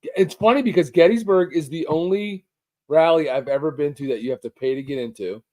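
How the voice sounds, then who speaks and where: A man's voice: a little high, fairly quick, a little mellow. A man co-hosting a casual live stream about motorcycle rallies, joking and teasing as he talks. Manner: joking, teasing, loose swearing. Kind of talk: casual chat.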